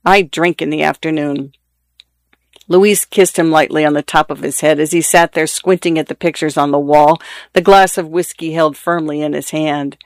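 A man's voice: on the high side, steady tone, normal speed, no room sound. Man reading a story in a dry, close voice. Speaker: narrator. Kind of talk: audiobook reading of a short story.

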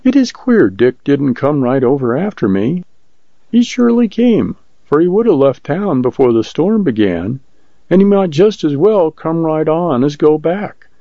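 A man's voice: on the high side, big pitch swings, a little slow, no echo, pitched above the performer's own voice. A man putting on a frightened young prairie woman. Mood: resentful. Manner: pleading, fearful. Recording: dull lo-fi recording.

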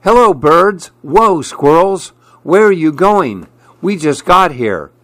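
A man reading aloud, voicing an excited little boy in a picture book who keeps calling out to his dad. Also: fairly high pitch, slow, dry recording, pitched above the performer's own voice, full character voice. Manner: eager, calling out.

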